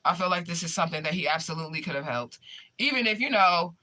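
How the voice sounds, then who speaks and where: A woman's voice: lowish voice, expressive, quick pace, bright, forceful tone. A young woman chatting casually with her viewers, telling a story in an emphatic, profane way. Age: young adult. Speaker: spiritual medium streamer.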